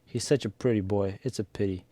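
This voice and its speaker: A man's voice: fairly low pitch, steady tone, brisk, dark tone, no room sound, lightly acted. A man reading as a fussy coaxing housewife. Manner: persuading, flustered.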